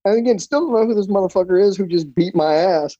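A man tells stories from his jiu-jitsu life in loose, profane chat, his voice a touch high but mellow. The sound is dry and slightly dull. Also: fast talker, dry recording. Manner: loose and profane, many fillers. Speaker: jiu-jitsu instructor, podcast guest. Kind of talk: casual storytelling.

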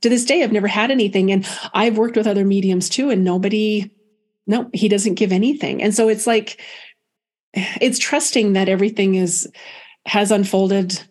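A woman speaking as a guest medium, telling a personal story softly and thoughtfully. Her voice sits at an ordinary middle pitch, and she often pauses and starts her sentences again. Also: fairly even intonation. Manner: halting, many restarts, soft and reflective.

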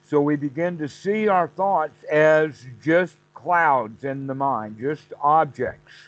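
A man's voice: on the high side, slow pace, no room sound, highs cut off. A man teaching meditation on a call, explaining patiently and acting out the mind's inner self-talk in quotes.

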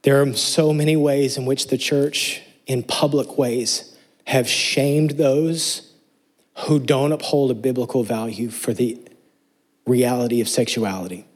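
Husky-voiced man preaching earnestly. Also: mid-range voice, fairly even intonation, unhurried. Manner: earnest, emphatic preaching with rhetorical questions. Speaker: pastor. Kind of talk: sermon.

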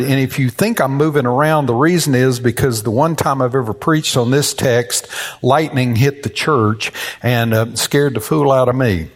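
A man in his sixties, a longtime minister, preaching a sermon in church with a folksy, joking storyteller's manner. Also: normal speed. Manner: folksy, joking storyteller with high-pitched voices for quoted people. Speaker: pastor. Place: church sanctuary.

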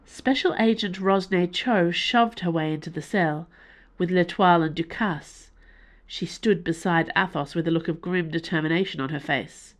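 Woman narrating an audiobook, lowish voice. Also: moderate pace. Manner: expressive, varied delivery.

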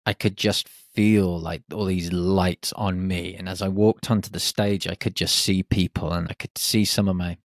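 A man in his forties from the UK, a podcast host telling a reflective personal story and acting out his nervous inner voice in hushed tones. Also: low-pitched, flat delivery, normal speed, hardly any pauses, no echo, studio quality. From United Kingdom.

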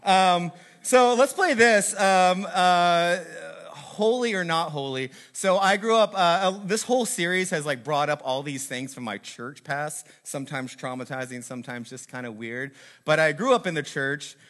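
A man's voice: a little high, moderate pace, a bit bright. A man from the American South hosting a video, telling stories in a casual, joking, self-mocking way, rambling with many fillers. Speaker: video host. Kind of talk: casual comic storytelling to camera.

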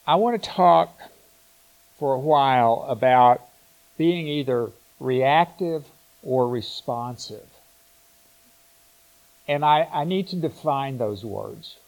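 Slow, reflective male preacher. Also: medium pitch, expressive, creaky, a little mellow, low-quality recording. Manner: slow, reflective, with frequent restarts and pauses. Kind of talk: sermon.

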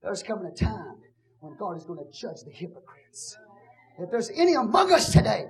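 A woman pastor preaching a fiery sermon in church, shouting with a breaking, impassioned voice. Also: mid-range voice, very animated, normal speed. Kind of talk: fiery Pentecostal-style preaching. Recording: music under the voice. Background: music playing.

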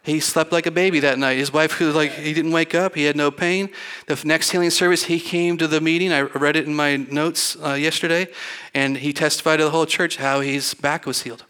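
A man's voice: on the high side, fairly even intonation, a little fast, bright, forceful tone. A middle-aged man, a pastor, preaching in a church in a rambling, folksy storytelling way, acting out the people he quotes. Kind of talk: storytelling sermon. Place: church sanctuary.

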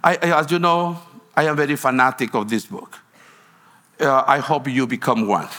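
A man's voice: medium pitch, moderate pace, bright, forceful tone. A man from Guatemala, a pastor preaching a sermon in a storytelling way, with broken phrasing and frequent restarts.

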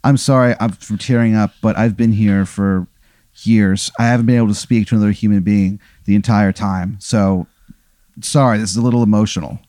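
Man playing an earnest, lonely trapped guy, mellow and dry, halting. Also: lowish voice, steady tone, dry recording, lightly acted. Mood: tearful. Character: lonely trapped man, emotional, wheelchair user.

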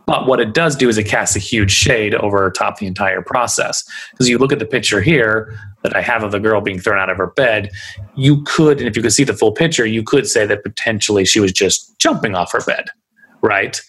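A man's voice: lowish voice, fairly quick, fairly bright tone, breathy edge. A man hosting a video podcast, talking in a loose, chatty way with plenty of fillers. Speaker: podcast host. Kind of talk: casual chat.

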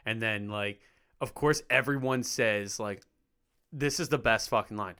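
A man's voice: lowish voice, unhurried, clean tone. A young man co-hosting a casual podcast chat, swearing a lot and acting out what other people say. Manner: profane, animated, acts out quoted voices. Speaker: podcast co-host.

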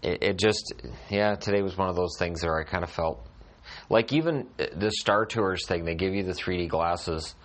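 A man's voice: deep voice, normal speed. A middle-aged man hosting a casual solo podcast from a hotel room, talking with dry, self-deprecating humor and frequent restarts. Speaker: podcast host.

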